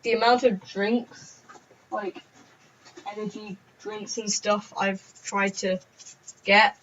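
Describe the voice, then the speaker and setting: A woman's voice: medium pitch, level tone, slow, fairly bright tone, slight background noise. Giggly woman rambling on a vlog. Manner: rambling, giggly, self-mocking. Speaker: vlogger. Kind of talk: casual story-time vlog. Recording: dull lo-fi recording.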